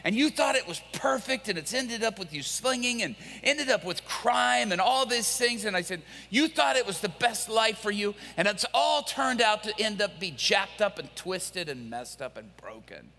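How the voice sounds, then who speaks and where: A male pastor preaching, telling a story with lively acted-out quotes. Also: sits high, moderate pace, few pauses, soft background music. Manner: animated, acts out quoted voices. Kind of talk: sermon storytelling. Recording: echoey hall.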